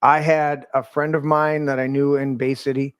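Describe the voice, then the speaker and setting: A man hosting a casual conversation, telling animated stories and swearing freely. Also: medium pitch, normal speed, smooth, no room sound, studio quality. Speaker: podcast host.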